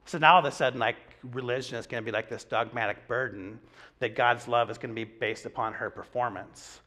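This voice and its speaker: A young man gives a sermon in a bright, forceful voice. He tells stories casually, with plenty of "um" and "like" along the way. He sounds like a pastor talking to his own church. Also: mid-range voice, steady tone, a little fast. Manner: conversational storytelling with many fillers.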